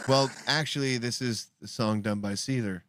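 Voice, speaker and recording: A man's voice: mid-range voice, moderate pace, fairly bright tone, no echo, clean studio sound. A man co-hosting a livestream, making jokes and casual remarks while he reacts to videos. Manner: joking, wisecracking banter. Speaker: livestream co-host.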